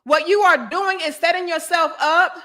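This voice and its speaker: Woman host, thirties, high voice, blunt live-stream commentary with a preachy, emphatic delivery. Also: normal speed, sharp tone. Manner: preachy and emphatic, addresses viewers directly as sis and brothers. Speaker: host of a live online talk show.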